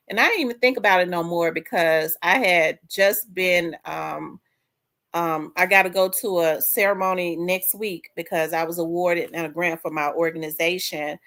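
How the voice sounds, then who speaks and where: Female host, 30s, lower voice, emotional rambling talk. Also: a bit bright. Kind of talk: casual chat.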